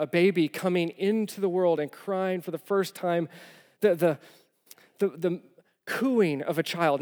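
Animated pastor preaching in a hall. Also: male voice, high voice. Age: young adult to middle-aged, father of four. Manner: animated storytelling, swinging from loud to hushed. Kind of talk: sermon. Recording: long reverb of a large hall.

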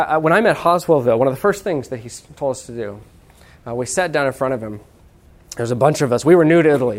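A man preaching a sermon in a conversational, humorous way, with asides and restarts. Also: mid-range voice. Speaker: pastor.

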